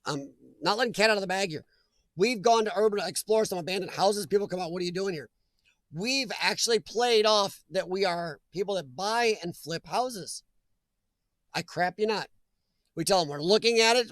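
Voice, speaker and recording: A man's voice: high voice, fairly bright tone, no echo. A man hosting a live chat stream, chatting casually and jokingly with viewers and reading their comments aloud, laughing often.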